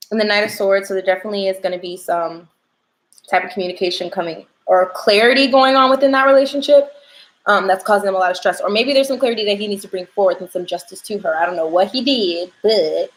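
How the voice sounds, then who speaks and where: A woman's voice: medium pitch, reverberant, poor audio. A young woman, chatting casually with viewers during a tarot livestream. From New York.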